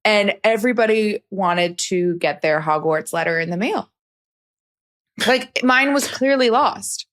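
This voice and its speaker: A woman's voice: mid-range voice, lively intonation, a bit bright. Teasing woman podcast co-host. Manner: teasing and quick to laugh. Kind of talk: casual chat.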